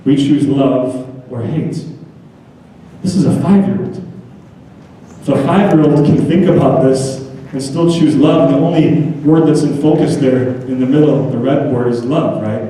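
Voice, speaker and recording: A man's voice: mid-range voice, moderate pace, dark tone, a little hiss or hum. An American man giving an earnest, storytelling motivational speech at a school assembly in a school hall. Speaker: motivational speaker. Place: school gym or hall, indoors. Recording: echoey school gym from far off.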